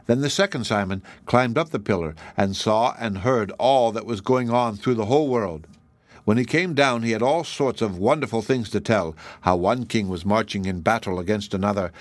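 A man narrating a fairy tale in a steady, measured storybook reading. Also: fairly low pitch, no room sound.

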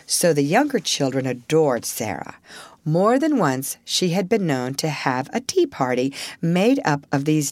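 Low-pitched, expressive woman storyteller. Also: no room sound. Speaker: narrator. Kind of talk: audiobook narration.

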